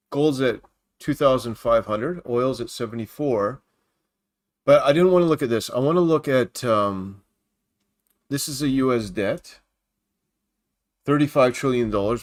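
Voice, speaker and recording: Chatty man hosting a livestream. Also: medium pitch. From Canada. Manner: chatty and rambling, greets viewers by name. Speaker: Christian livestream host. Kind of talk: casual livestream, reading news off screen. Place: at home by his computer.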